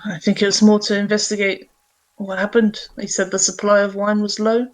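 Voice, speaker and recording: Woman at the game table, earnest and curious, mid-pitched voice. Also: flat delivery, fairly quick, poor audio. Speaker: player. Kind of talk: in-character tabletop play.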